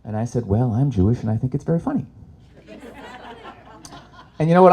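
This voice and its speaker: This Canadian comic's stand-up set at a live event is full of animated stories and characters he voices himself, performed on an expo stage for an audience. He has a medium-pitched, slightly breathy voice and a brisk delivery broken by long pauses.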